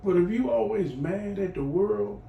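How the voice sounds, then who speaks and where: A middle-aged man giving heartfelt personal testimony as a client in a recovery program, earthy and animated, acting out voices as he tells his story. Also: high voice, moderate pace, creaky, narrow, tinny audio. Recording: echoey room, voice from far off, faint noise.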